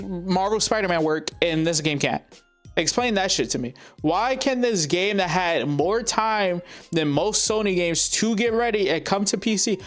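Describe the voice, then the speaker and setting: Angry profane man ranting. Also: sits high. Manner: profane, heated, frequent filler pauses. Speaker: gaming commentator. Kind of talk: angry rant to camera.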